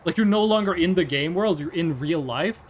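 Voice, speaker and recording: A man's voice: on the high side, animated, a little fast, slightly rough. A Norwegian man with a Norwegian accent, chatting casually as a streamer, rambling and swearing often. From Norway. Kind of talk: casual chat.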